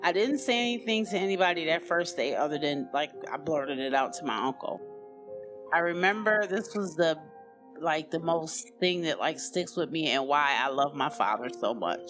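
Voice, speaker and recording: Woman, casual personal testimony. Conversational and filler-heavy, pitch rises sharply on quoted lines. Soft music bed. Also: animated, moderate pace. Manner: conversational, many "you know" and "like" fillers. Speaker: guest telling her life story. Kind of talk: personal storytelling.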